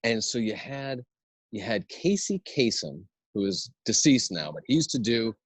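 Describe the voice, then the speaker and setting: A man's voice: on the low side, big pitch swings, normal speed, breathy edge, no room sound. A man who teaches improv, a podcast guest who laughs easily and tells rambling stories. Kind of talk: casual podcast chat.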